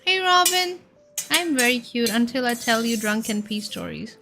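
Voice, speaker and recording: A woman's voice: a little high, expressive, moderate pace, over music. A young woman streaming, chatting casually and playfully with her chat and stumbling over tongue-twisters.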